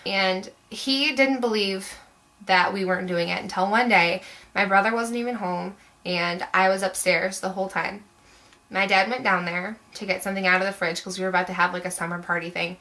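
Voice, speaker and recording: A woman's voice: medium pitch, steady tone, normal speed, pushed and bright, poor audio. A young woman vlogger telling a story to camera in a chatty, rambling way, full of "like" fillers.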